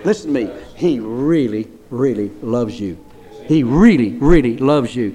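A male pastor preaching a sermon, repeating phrases emphatically and rising into loud declarations. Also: mid-range voice, expressive, a little slow.

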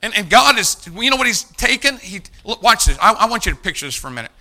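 Male preacher, bright, slightly high voice, emphatic, calls out to the congregation. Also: big pitch swings, quick pace. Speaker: pastor. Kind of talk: sermon.

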